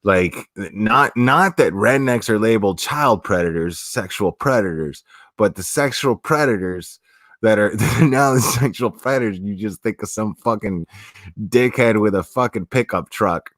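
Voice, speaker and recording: A South Florida streamer with a local accent chats casually on a livestream, answering comments in a rambling, profane way and restarting often. His voice is on the low side and a bit bright, with lively intonation and a slightly slow pace. The studio-quality audio has no room sound.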